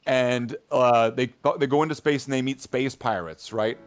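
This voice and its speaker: A man's voice: mid-range voice, fairly even intonation, moderate pace, soft background music. Rambling man telling a story among friends. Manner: rambling, filler-heavy storytelling, constantly asking "right?". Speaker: hobby gaming channel regular. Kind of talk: casual chat among friends.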